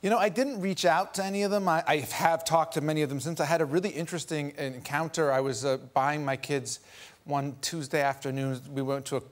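A man's voice: fairly high pitch, steady tone, fairly quick. A man guest on a talk show, telling a casual anecdote with frequent laughs and restarts. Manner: laughing storyteller, many restarts.

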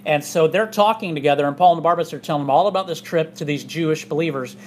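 There's a little hiss or hum as a fast-talking pastor with a higher male voice preaches casually in a church sanctuary. His sermon is chatty and loose, with frequent fillers and asides.

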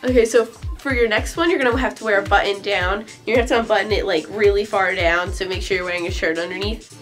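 A young woman talks through her vlog in a loose, giggly way, dropping "like" and "um" everywhere. Her voice sits in a middle pitch, with faint music underneath. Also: fairly even intonation, fast talker, fairly bright tone. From United States. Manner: chatty, giggly, full of "like" and "um". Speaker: vlogger. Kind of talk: casual vlog chat.

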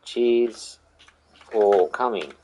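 A man's voice: lowish voice, very slow, darkish tone, a little hiss or hum, poor audio. A young Australian man chatting casually with viewers on a live game stream, greeting them by name and calling them mate and buddy.

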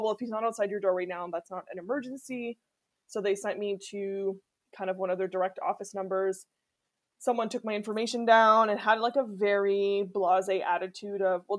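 A woman from Canada, talking candidly in a documentary interview in a chatty way, full of fillers. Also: mid-range voice. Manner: candid, chatty, many fillers like "like" and "you know". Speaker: interviewee telling of being stalked.

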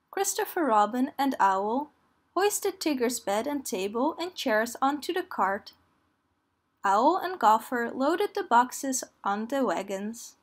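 A woman reads a children's story aloud in a gentle, clear manner. Her voice sits fairly high and her pace is slow and unhurried, suited to young listeners. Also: expressive.

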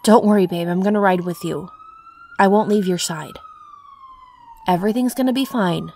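A young woman voicing a caring girlfriend in an audio role-play, talking softly and reassuringly to her partner. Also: mid-range voice, normal speed, a little hiss or hum, lightly acted. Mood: soothing. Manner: soft, reassuring, tender.

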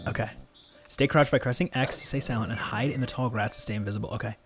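A young man chatting casually on a game livestream, animated and rambling, with laughing asides to his chat. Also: mid-range voice, quick pace, faint music behind. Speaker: streamer.

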